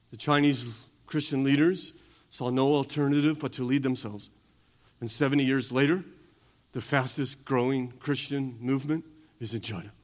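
A man preaching a sermon, swinging between loud emphatic stretches and quiet, intense ones. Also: medium pitch, steady tone, normal speed. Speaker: pastor.

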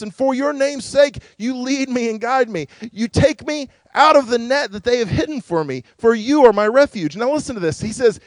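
High-voiced earnest preaching man. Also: no room sound. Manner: earnest, preacherly, drops to a hushed voice on scripture. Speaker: pastor. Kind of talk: sermon.

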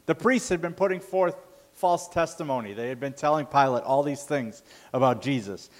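Male pastor, mid-pitch, casual conversational sermon delivery with fillers. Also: normal speed. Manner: conversational, self-correcting with fillers.

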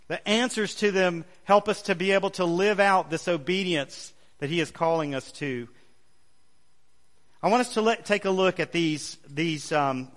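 A male pastor preaching a sermon, leading the congregation in call-and-response with emphatic, drawn-out phrases. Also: a little high, fairly bright tone. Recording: long hall reverb.

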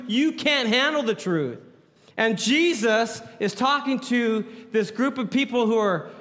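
Hall reverb colors the high, fairly bright voice of a pastor preaching in a church hall. Handheld mic in hand, he keeps the congregation laughing with playful jokes.

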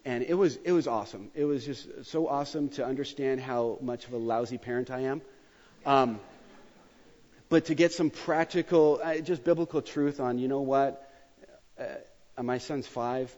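A man in his thirties delivers a sermon from the pulpit. He mixes self-deprecating jokes with slow, emphatic repetition. His mid-pitched voice rings through a large reverberant hall on a muffled, lo-fi recording. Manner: animated, joking, emphatic preaching. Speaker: pastor. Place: church sanctuary. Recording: dull sound with long hall reverb.

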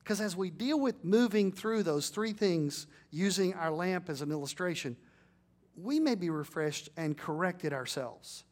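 A man with a notably high voice delivers a sermon from the pulpit. He builds his points to emphatic peaks and has the congregation repeat phrases back to him. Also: expressive, measured pace. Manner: preaching with rising emphatic peaks and call-and-response. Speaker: pastor.

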